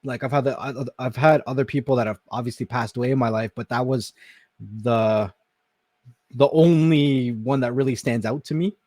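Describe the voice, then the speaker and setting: A man's voice: moderate pace, no room sound, clean studio sound. A man from Canada co-hosting a podcast, talking frankly and reflectively in casual chat. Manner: reflective, talks frankly, often drops low and quiet. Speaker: podcast co-host.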